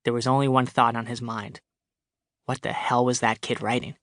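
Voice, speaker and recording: A man's voice: medium pitch, level tone, moderate pace, fairly bright tone, dry recording. A man narrating his comic short story as a scripted audiobook, with a wry, dry delivery on a close studio mic.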